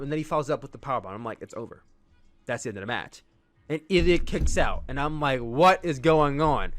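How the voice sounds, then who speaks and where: Male podcast host, fairly high voice, dry close sound, eager and rambling. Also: fairly bright tone, dry recording. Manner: enthusiastic, rambling with restarts. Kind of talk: casual wrestling review.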